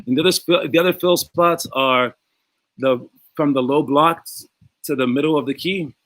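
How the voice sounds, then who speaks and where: A man coaching young basketball players, talking in a calm, conversational way and acting out the voices of people in his stories. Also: on the high side, normal speed, dry recording. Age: adult past college.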